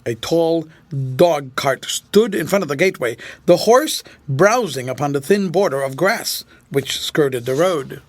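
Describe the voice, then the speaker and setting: A man narrates a classic mystery novel with a higher, lively voice that rises and falls a great deal. The read is close and dry, with no room echo at all. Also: a little slow. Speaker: audiobook narrator.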